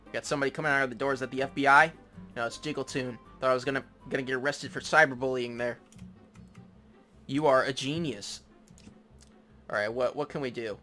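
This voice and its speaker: A man's voice: mid-range voice, steady tone, brisk, pauses often, sharp tone, soft background music. A young man casually commentating a game he is playing, joking, trash-talking and swearing a lot. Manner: crude, joking trash talk with lots of swearing. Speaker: gaming YouTuber. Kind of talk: casual let's play commentary.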